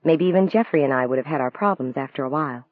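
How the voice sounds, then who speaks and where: A man reading the lines of a gentle, wistful woman novelist in a soft, earnest voice, raising his pitch for her. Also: quick pace, no echo, natural voice. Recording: dry, tinny phone-like sound.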